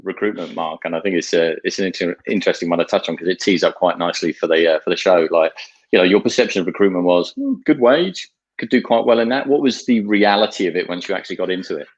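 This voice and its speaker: A man co-hosting a casual video-call show, talking in fast, rambling runs full of fillers. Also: sits low, fairly even intonation, lo-fi sound. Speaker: co-host.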